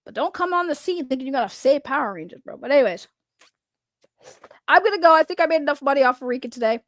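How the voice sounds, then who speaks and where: A woman's voice: high-pitched, expressive, fast talker, fairly bright tone, no echo. A woman doing casual livestream commentary, rambling and blunt, swearing freely and laughing often. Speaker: online commentator.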